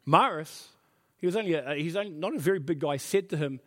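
A man's voice: a little high, expressive, brisk, fairly bright tone. A middle-aged man preaching a sermon as pastor, earnest and emphatic, repeating his key phrases. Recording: reverberant hall.

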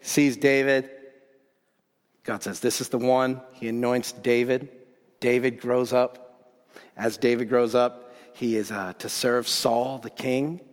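A male pastor preaches in a casual, storytelling manner at a middle pitch. He swings between lively excitement and quieter reflection. His voice rings with the long reverb of a large church hall. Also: takes it slowly, long pauses. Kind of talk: sermon.

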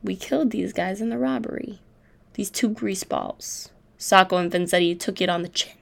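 A woman's voice: medium pitch, moderate pace, gravelly, fairly bright tone. A woman voicing a blunt, boastful male mobster, trying out an accent without much success. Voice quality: half-hearted attempt at an accent.

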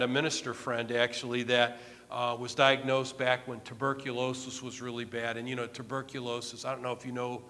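A man preaching a sermon in a conversational storytelling way, repeating phrases and filling pauses. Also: medium pitch, pushed and bright. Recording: long hall reverb.

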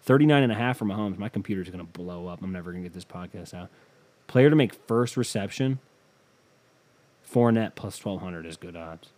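A man's voice: deep voice, a little fast, darkish tone. A man hosting a casual solo podcast, offhand and profane as he reads betting odds aloud. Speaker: podcast host.

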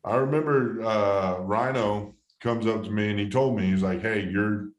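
Deep-voiced man telling a story. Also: moderate pace, reverberant. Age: 30s. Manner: rambling, emotional storytelling with many restarts. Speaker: former baseball player, guest. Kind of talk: casual storytelling interview.

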